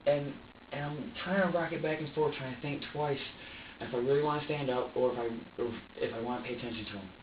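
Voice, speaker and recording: A man questioned as a suspect, talking in an agitated, halting way, full of restarts. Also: medium pitch, slight background noise. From upstate New York. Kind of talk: police interrogation statement. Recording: echoey room, distant mic, muffled.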